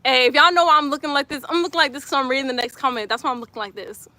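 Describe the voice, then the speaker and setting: A woman's voice: high-pitched, racing, bright, forceful tone, no echo. A young woman live-streaming her workout, chatting casually and giggling as she talks straight to viewers and reads their comments. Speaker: livestreamer reading chat comments. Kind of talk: casual live-stream chat while exercising.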